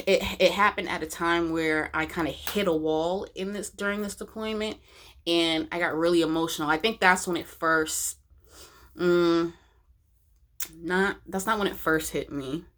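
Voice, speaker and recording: Slow, low-voiced woman confiding on camera. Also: steady tone, a bit bright. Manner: emotional, halting, many restarts. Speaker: vlogger. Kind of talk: candid personal vlog.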